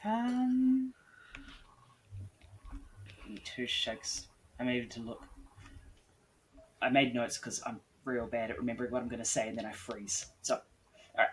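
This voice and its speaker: A man chatting as a podcast guest at a middle pitch, blunt and unbothered about swearing. He rambles through long explanations, padding them with "like" and quick asides. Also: lively intonation, a little hiss or hum. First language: English. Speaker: guest author and editor. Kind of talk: casual podcast interview.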